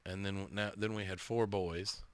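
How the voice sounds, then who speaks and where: A man, co-hosting a podcast, telling animated stories, laughing and swearing. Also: deep voice, moderate pace, no room sound. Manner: laughing, profane, animated storyteller. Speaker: podcast co-host. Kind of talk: casual chat.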